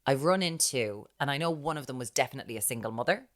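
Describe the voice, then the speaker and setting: Irish woman, very deep voice, chatty podcast co-host, storyteller. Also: animated, fast talker. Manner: chatty storyteller, drops to hushed tones when retelling. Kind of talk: casual chat.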